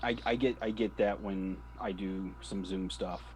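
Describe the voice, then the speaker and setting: Man, co-host, stop-start halting speech, lowish voice, light call noise. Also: steady tone, a little mellow, low-quality recording. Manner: halting, repeats words. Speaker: podcast co-host. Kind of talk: casual chat over video call. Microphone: video call.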